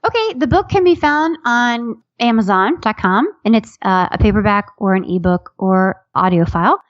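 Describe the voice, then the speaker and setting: A woman author and comedian telling a self-deprecating story in a casual interview, chatty and animated, often restarting her sentences. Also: fairly high pitch, moderate pace, dry recording, highs cut off.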